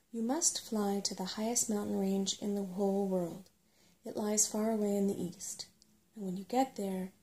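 A woman voicing a weary, forgetful old male dragon in a soft, murmuring whispered role-play. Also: mid-range voice, natural voice. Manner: slow, murmuring, trailing off.

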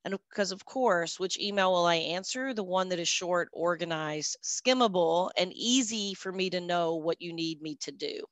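A woman trainer giving a business writing webinar in an upbeat, conversational way with lively emphasis. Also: fairly low pitch, normal speed, few pauses, no room sound. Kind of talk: webinar presentation.

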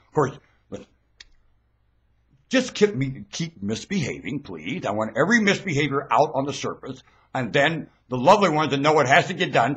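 Recorded at home on a webcam microphone, a man delivers a rambling monologue in a slightly rough voice, lurching from quiet mumbling to abrupt shouting.

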